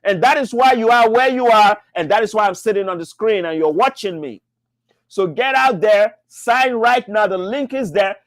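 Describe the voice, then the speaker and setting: A man hosting a live business-mentoring show, answering questions with an emphatic, repetitive motivational sales pitch. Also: normal speed, no room sound, clean studio sound.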